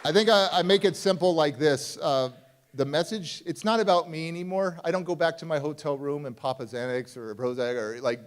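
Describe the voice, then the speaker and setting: A man giving a motivational talk and taking audience questions at a summit. He speaks in a conversational, confiding way, with sudden shifts between loud, emphatic lines and quiet, hushed ones. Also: a little high, a little fast. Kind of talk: live storytelling talk and audience Q&A.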